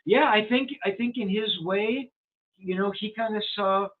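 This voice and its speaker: Older guy rambling through old rock stories, high voice, sounds like a tinny phone line. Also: measured pace. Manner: rambling anecdotal storyteller with fillers. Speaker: music journalist, guest. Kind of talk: storytelling interview.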